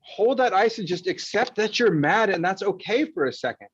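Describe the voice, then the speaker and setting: High-voiced frank man, lo-fi sound. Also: lively intonation, moderate pace, fairly bright tone, slightly rough. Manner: frank, swears, acts out frustrated inner voices. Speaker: panel speaker. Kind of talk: casual coaching talk.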